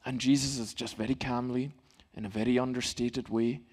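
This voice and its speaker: A middle-aged male pastor giving a sermon in a church, in a calm, gentle, conversational way. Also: mid-range voice, normal speed.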